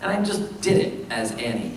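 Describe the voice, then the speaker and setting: A man's voice: medium pitch, very animated, normal speed, background noise. A voice actor at a convention panel, rambling and self-deprecating, laughing often as he answers fan questions. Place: large convention hall. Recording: echoey hall, distant mic.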